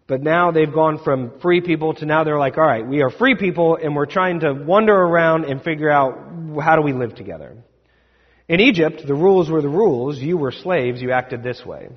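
Casual preacher in an echoey hall. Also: male voice, fairly high pitch. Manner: conversational, self-deprecating storytelling. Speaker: pastor. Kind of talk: sermon. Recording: echoey hall, dull sound.

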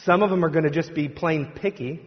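His voice sits on the high side and moves fairly quickly as this pastor jokes his way through a conversational sermon, imitating the voices of the crowd. The sanctuary recording is dull and carries a long, hall-like reverb.

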